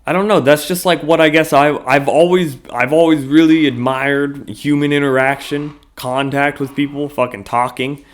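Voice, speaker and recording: A man's voice: a little high, steady tone, moderate pace, few pauses. A man hosting his own podcast in a casual solo monologue, rambling loosely with lots of fillers and frequent swearing. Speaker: podcast host.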